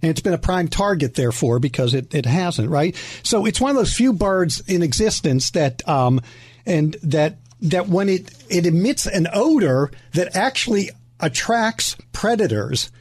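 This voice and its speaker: A man's voice: high-pitched, very animated, normal speed, a little mellow, breathy edge, no room sound. A man co-hosting a radio show, eagerly explaining an item, agreeing readily and stumbling over his words. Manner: eager, agreeable, storytelling with hesitations. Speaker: radio co-host. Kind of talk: playful radio banter.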